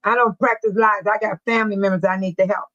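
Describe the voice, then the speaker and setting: A woman's voice: medium pitch, fairly even intonation, fast, fairly bright tone, dry recording, dull audio. An older woman from the Chicago area hosting a casual livestream, chatty and laughing often as she reads viewer comments aloud. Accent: Chicago-area American English. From United States. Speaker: livestream host.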